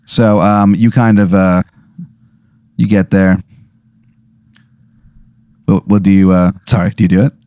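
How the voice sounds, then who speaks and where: A man's voice: deep voice, flat delivery, measured pace, pauses often, warm tone, clean tone, no echo. Man rambling thru an improv comedy bit, lots of um and like, dry close mic. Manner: rambling, heavy fillers and restarts. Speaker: podcast co-host.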